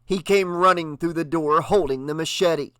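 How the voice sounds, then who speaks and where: A man narrating an audiobook with a dramatic, expressive reading. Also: fairly high pitch, moderate pace, no echo. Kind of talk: audiobook narration with character voices.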